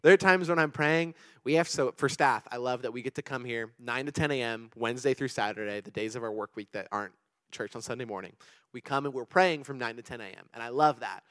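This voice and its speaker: A young man preaches in a relaxed, chatty way, telling personal stories with an animated, rambling delivery and frequent restarts. His words come quickly, tumbling out one after another. The recording is close and dry, with no room sound around him. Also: medium pitch, no room sound. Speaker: pastor. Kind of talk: casual sermon with personal stories.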